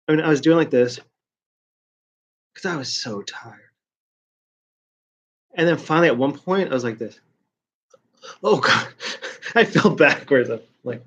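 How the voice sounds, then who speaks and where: A man talking in a casual rambling vlog, a college student ranting about his day in a profane, self-mocking way. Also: fairly high pitch. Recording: slightly muffled lo-fi audio.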